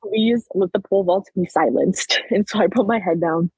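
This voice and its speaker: A young woman in her late teens, a podcast guest, chatting and retelling events in a lively way full of "like". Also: mid-range voice, normal speed, husky, dry recording, low-quality recording. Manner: chatty, peppered with "like", animated retelling. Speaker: podcast guest, track athlete. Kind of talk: casual storytelling interview.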